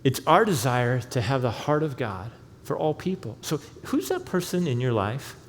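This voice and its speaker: A man's voice: medium pitch, sing-song, moderate pace, a little hiss or hum. A male pastor preaching a sermon, telling the story with animation and acting out the quoted lines. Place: church sanctuary. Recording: long hall reverb, faint ambience.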